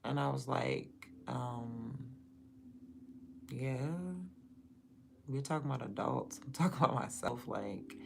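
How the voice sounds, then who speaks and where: A woman's voice: extremely low pitch, takes it slowly, vocal fry, pauses often, background noise. A young woman chatting casually on her livestream, blunt and profane, rambling. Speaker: livestream host.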